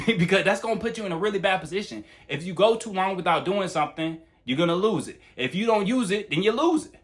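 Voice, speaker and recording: A young man talking fast and bluntly, with plenty of swearing, in a casual monologue giving dating advice on his channel. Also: sits high, animated. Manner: blunt, profane, talks fast.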